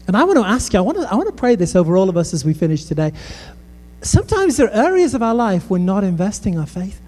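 A man's voice: sits high, big pitch swings, quick pace, darkish tone. A male pastor from the United Kingdom preaching a passionate sermon with conversational asides in a church hall. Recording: echoey hall.

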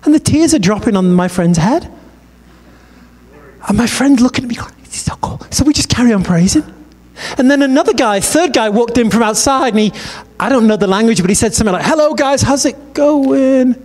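A man preaching a sermon, telling a story in a conversational, animated way and acting out the dialogue. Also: extremely high pitch, a little fast. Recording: long hall reverb.

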